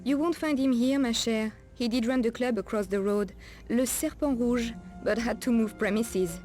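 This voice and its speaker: Actress voicing a guarded street woman, French accent, French pet names, higher voice. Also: moderate pace, warm tone, soft background music, lightly acted. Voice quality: sprinkles French endearments. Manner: guarded, cautionary. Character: streetwise adult woman working the night streets, wary.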